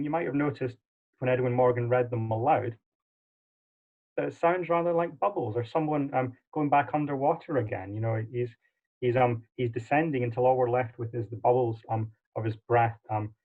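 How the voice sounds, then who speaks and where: A man's voice: mid-range voice, normal speed. A man giving an online livestream lecture in a chatty way, with frequent ums and uhs. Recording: tinny phone-like audio.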